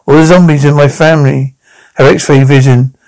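A man voicing a friendly young zombie girl who is new and shy, in a gentle, earnest read for a cartoon. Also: fairly high pitch, steady tone, moderate pace, lightly acted, poor audio.

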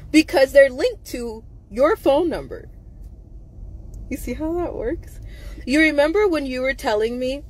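Her voice high and animated but unhurried, a woman host speaks emotionally to her viewers. Angry bursts of profanity alternate with nervous laughter, and her volume swings from muttering quietly to loud intensity.

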